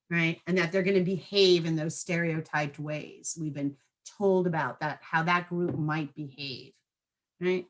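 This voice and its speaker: A woman's voice: fairly low pitch, a bit bright. Woman giving a staff training talk, casual and chatty, keeps asking if folks follow. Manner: conversational, checks in with frequent tag questions. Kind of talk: online training presentation.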